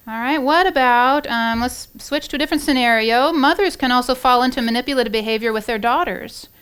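A woman's voice: a little high, a little fast, clear, resonant tone. Earnest woman giving a devotional talk. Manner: earnest, warm-hearted, with frequent fillers and restarts. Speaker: Bible teacher.

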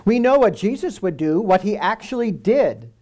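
A man's voice: high-pitched, big pitch swings, moderate pace, dark tone. A man preaching a sermon in an earnest way, repeating key phrases for emphasis.

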